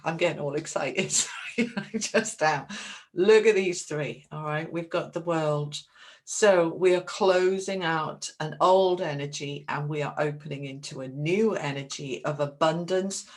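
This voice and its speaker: Chatty excitable woman doing a tarot reading, bit low-pitched, affectionate with viewers. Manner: warm, chatty, excitable, calls viewers darlings. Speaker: tarot reader. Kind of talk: casual tarot reading to camera.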